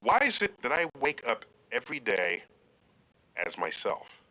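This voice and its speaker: A man's voice: mid-range voice, big pitch swings, unhurried, sharp tone. A man in a casual chat, musing aloud with a string of questions. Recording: dull lo-fi sound.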